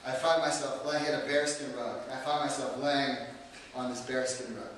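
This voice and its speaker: A man's voice: mid-range voice, steady tone, brisk, fairly bright tone, a little hiss or hum. A man telling a comic story to an audience, rambling and self-deprecating, with lots of fillers. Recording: echoey hall, distant mic.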